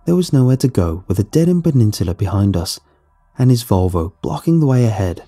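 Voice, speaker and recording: A man tells a first-person horror story in a steady, tense way. His voice is low, very dark and slightly husky, with soft music underneath. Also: a little fast. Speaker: narrator.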